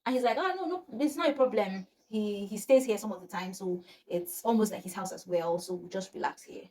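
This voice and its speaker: A young woman, telling a personal story to camera in a casual, animated way and acting out the dialogue. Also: a little fast, a little hiss or hum. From Nigeria. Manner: animated, acts out quotes with rising pitch, laughs between lines. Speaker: storytime vlogger.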